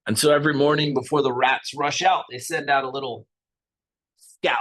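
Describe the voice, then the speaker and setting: A man guiding a restorative yoga class and telling a story in a calm, gentle way. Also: medium pitch, normal speed. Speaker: yoga instructor.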